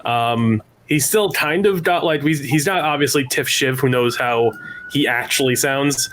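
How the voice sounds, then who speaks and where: A man's voice: mid-range voice, measured pace, a bit bright, slight background noise. Rambling young man chatting. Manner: rambling, self-interrupting, laughs often. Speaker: podcast player. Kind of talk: casual chat.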